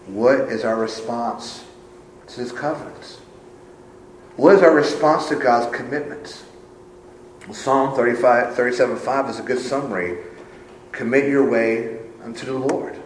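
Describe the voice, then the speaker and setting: Man preaching a sermon in an echoey church. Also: a little hiss or hum. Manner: swings from hushed low phrases to raised emphatic ones. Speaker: pastor. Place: church sanctuary.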